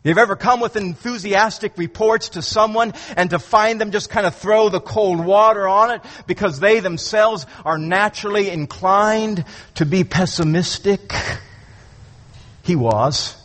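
A man with a high voice preaches in a large church, his words trailing off in a long hall reverb. He delivers the sermon with emphatic, dramatic swings in pitch and volume, and he stumbles through repeated words as each thought starts. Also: unhurried, fairly bright tone. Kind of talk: expository sermon.

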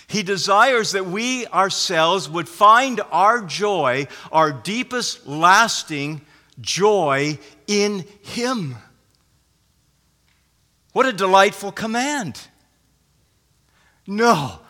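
A pastor with a high, sharp voice preaches a sermon, earnest and emphatic, often restarting his phrases. The recording carries a long hall reverb.

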